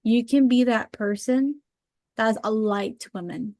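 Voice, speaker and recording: A woman in casual podcast chat, earnest and emotional, talking in halting bursts with fillers. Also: on the high side, mellow, no echo, studio quality.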